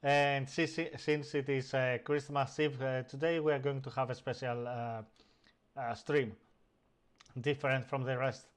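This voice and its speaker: A man hosting a live stream, casually talking viewers through a software update and greeting chat as he works, with frequent pauses and fillers. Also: medium pitch, fairly even intonation, clean tone. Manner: hesitant, many fillers and restarts while operating the computer.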